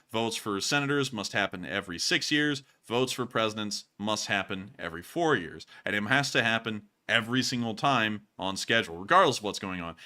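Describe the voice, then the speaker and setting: American male host with a bright, forceful voice, giving off-the-cuff commentary and restarting his sentences. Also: lowish voice. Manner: thinks out loud with frequent restarts. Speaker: host of a war news show. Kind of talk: casual commentary.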